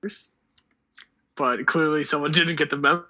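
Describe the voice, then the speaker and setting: A man's voice: fairly high pitch, steady tone, moderate pace, pushed and bright, poor audio. A teenage boy co-hosting a live stream, quizzing and joking in loose, rambling banter. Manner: joking, rambling word associations. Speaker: podcast co-host.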